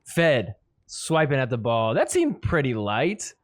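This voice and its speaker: A man's voice: mid-range voice, sing-song, a little slow. A man hosting a podcast, giving casual commentary over match clips, laughing often and mock-quoting the players.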